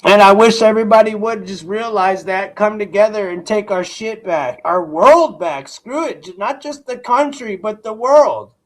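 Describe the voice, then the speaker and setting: A man's voice: sits high, moderate pace, hardly any pauses. A man hosting a live stream, talking casually and bluntly to his chat in rambling, profane rants. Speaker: livestream host reacting to news.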